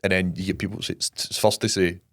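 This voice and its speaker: A man's voice: low-pitched, flat delivery, fairly quick, background noise. A Scottish man, a physique coach co-hosting a podcast, chatting agreeably with plenty of "absolutely". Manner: agreeable, lots of "absolutely" and "a hundred percent". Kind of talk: casual banter.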